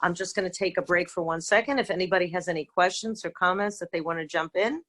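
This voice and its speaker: A middle-aged woman teaching an informal online lesson over a video call, talking in a halting way with many fillers and restarts. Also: fairly low pitch, a bit bright. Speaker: rabbanit teaching a seder talk. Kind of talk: informal virtual lecture.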